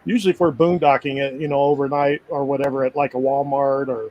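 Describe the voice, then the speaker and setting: A man's voice: medium pitch, little pitch movement, quick pace, muffled recording. A man in a casual live chat, telling travel stories in a rambling, easygoing way with frequent restarts. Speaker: full-time RVer guest.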